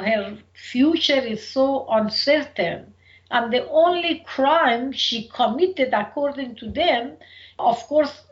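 A middle-aged woman from Iran with a thick Persian accent, speaking slowly and earnestly as an interview guest. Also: a little high. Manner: slow, thoughtful and earnest. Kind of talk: personal interview. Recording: dull lo-fi recording.

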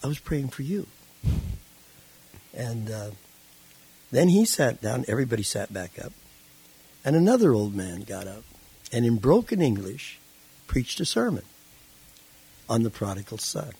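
A man tells his life story in a relaxed interview, with a gravelly, husky voice. He is animated and acts out the voices of the people in his story. His pitch sits in the middle. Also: moderate pace, pauses often, low-quality recording. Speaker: interview guest. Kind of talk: casual storytelling.

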